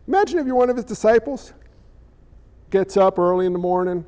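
Pastor, male, very high voice, animated storytelling sermon, voices his characters. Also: fairly quick, lo-fi sound. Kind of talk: sermon with acted-out scenes.

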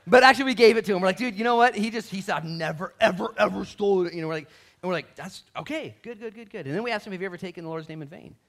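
A man preaching a sermon in a casual, conversational way, acting out quoted lines with big swings in loudness. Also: very fast. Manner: animated, acts out quotes with big pitch and volume swings. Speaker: pastor.

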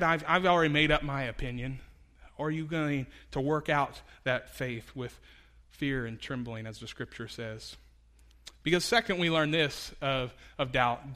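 A man preaches a sermon with a bright, ringing voice, pitched a little high for a man. He talks conversationally, with fillers and restarts, and leans into his points with lively emphasis. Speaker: pastor.

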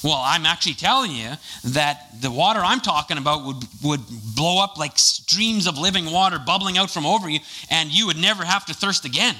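A preacher voicing a calm, gentle teacher speaking kindly at a well, in his own voice. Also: fairly high pitch, brisk, few pauses, heavily acted, poor audio. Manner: calm, kind.

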